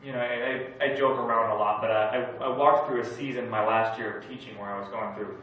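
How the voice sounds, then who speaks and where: A male pastor delivers a sermon in a candid, joking, self-deprecating way, jumping from loud emphasis to hushed asides. His mid-pitched voice rings around a large sanctuary. He sounds set well back from the microphone. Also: fairly quick. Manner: animated, swings between loud and quiet. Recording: echoey church hall from far off.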